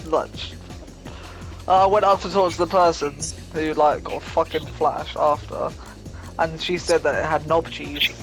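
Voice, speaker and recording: A man's voice: a little high, measured pace, soft background music. A young man chatting casually, telling rowdy, sweary stories with lots of energy. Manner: rowdy, sweary, animated storytelling. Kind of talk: casual chat.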